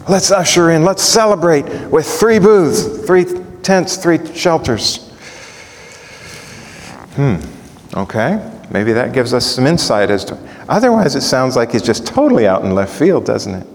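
A man's voice: a little high, measured pace. A male preacher teaching from the Bible, asking questions as he goes. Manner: animated, asks the audience questions. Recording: echoey hall.

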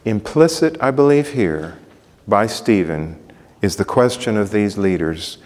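Slow, deliberate preacher man in a reverberant hall. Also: lowish voice, expressive, darkish tone. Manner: emphatic, building intensity with repetition. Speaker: pastor. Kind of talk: sermon.

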